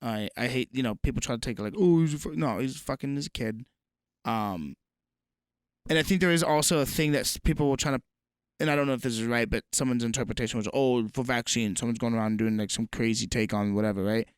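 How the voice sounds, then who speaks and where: A young man co-hosting a loose comedy podcast, swearing freely and riffing fast on the news. His voice is smooth and resonant, at a middling pitch. The sound is dry and close. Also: dry recording. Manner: profane, animated, reads headlines aloud. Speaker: podcast co-host. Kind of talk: casual comedy podcast chat.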